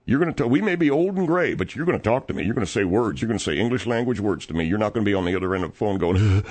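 A man's voice: fairly low pitch, animated, very fast, few pauses, darkish tone, slightly rough. A middle-aged man playing a petty, long-winded male concrete contractor who stammers and rambles on a radio comedy show. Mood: indignant. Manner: rambling, stammering, easily aggrieved. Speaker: guest host filling in on a radio show. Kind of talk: comedic radio call-in monologue.

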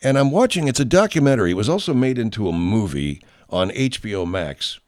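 A man hosting his own show, telling a story in a profane, digressive, animated way. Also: lowish voice, a little fast. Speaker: host. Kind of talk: casual show monologue.

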